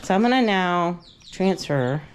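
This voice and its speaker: A woman's voice: lively intonation, unhurried. A woman filming a casual farm vlog, chatting as she sets up a pen and fusses over her ducks and chicks. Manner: chatty, talks to her ducks in a high sing-song baby voice. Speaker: farm vlogger. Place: outdoor farm pen with poultry. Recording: clear poultry noise in the background. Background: birds clucking and chirping.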